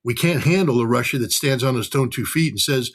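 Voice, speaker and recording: A man's voice: medium pitch, animated, brisk. An American man giving heated political commentary, blunt and profane, mimicking the voices of others to make his point. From United States. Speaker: commentator guest.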